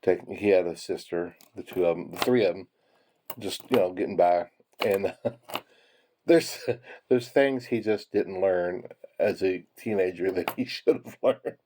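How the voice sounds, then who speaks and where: A man's voice: low voice, unhurried, a little mellow, a little hiss or hum. A man telling rambling, chuckling anecdotes while sorting pennies. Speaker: penny hoarding hobbyist. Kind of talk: casual storytelling while sorting coins.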